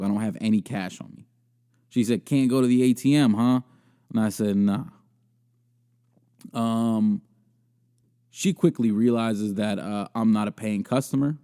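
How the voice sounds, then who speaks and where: Crude rambling young man, mellow voice. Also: lowish voice. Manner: rambling, crude, self-mocking, laughs often. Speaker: podcast host. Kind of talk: casual comedic storytelling and video commentary.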